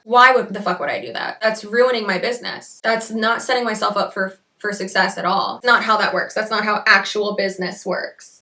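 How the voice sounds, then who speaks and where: A woman's voice: a little high, bright, forceful tone, distant mic. A young woman giving blunt, casual commentary, often swearing as she talks. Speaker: anti-MLM commentator.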